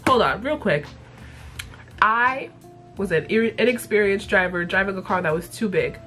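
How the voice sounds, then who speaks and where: A young woman vlogger casually retelling a cartoon episode in a profane, slangy, animated way. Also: mid-range voice, normal speed, soft background music. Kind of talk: casual chat.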